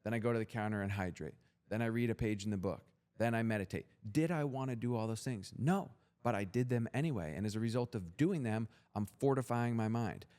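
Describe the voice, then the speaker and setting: Deep-voiced man telling blunt, profane stories. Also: brisk, hardly any pauses, darkish tone. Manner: blunt, profane, intense motivational storytelling. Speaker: guest entrepreneur. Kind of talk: podcast interview storytelling.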